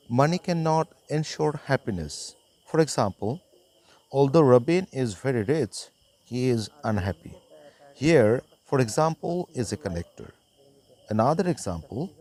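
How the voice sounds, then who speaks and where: A man teaching a grammar lesson to students, reading example sentences and pointing out each connector in a careful, deliberate way. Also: mid-range voice, a little mellow, no room sound. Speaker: English teacher.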